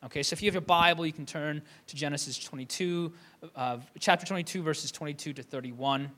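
A man's voice: fairly high pitch, brisk, sharp tone. A young man from Michigan preaching a conversational sermon, with many fillers and restarts. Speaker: pastor.

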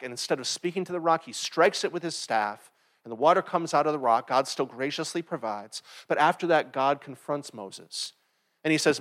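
A pastor delivering a sermon in an easy, conversational manner. His voice sits a little on the high side, and he keeps checking in with listeners with quick asides. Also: fairly bright tone. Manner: conversational preaching with frequent "right?" asides.

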